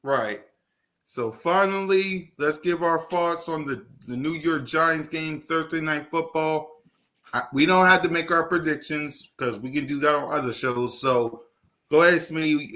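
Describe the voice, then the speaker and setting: Man, podcast host, bright forceful voice, slightly high, moderating casual sports chat. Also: measured pace. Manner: moderating, calling on co-hosts.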